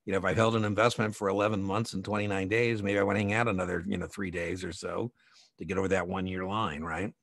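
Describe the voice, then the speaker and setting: A man's voice: sits low, steady tone, fast talker, vocal fry, a bit bright, no room sound, studio quality. A man teaching an exam prep lecture in a chatty, digressive way, full of personal anecdotes and asides. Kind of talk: conversational recorded lecture.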